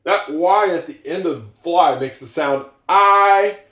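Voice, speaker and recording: A man teaching English to learners, going slowly and repeating example sentences, with musing asides. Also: a little high, bright, forceful tone, roomy sound.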